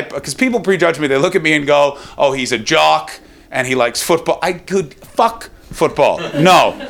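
A man's voice: a little high, gravelly, a bit bright, slight background noise. A young adult man doing a comic storytelling monologue, swearing often, laughing at his own jokes and slipping into quoted voices.

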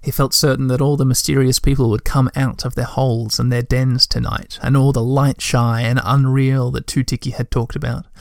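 A man's voice: medium pitch, level tone, normal speed, creaky, few pauses, no room sound, studio quality. Man reading a storybook aloud. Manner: chatty asides with fillers between reading. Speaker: reader. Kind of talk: reading a children's book aloud with casual asides.

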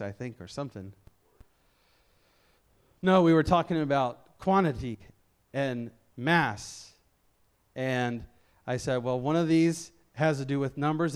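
With a clean voice that sits a little high, a middle-aged Memphis, Tennessee man preaches a sermon as a lay preacher. He shows no regional accent. His style is relaxed and self-deprecating, full of restarts.

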